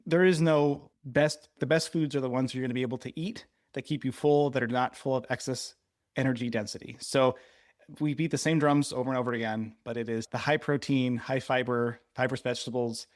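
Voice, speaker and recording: A man's voice: mid-range voice, no room sound, studio quality. A man co-hosting a podcast in casual chat, teasing his partner and explaining at length. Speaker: podcast co-host.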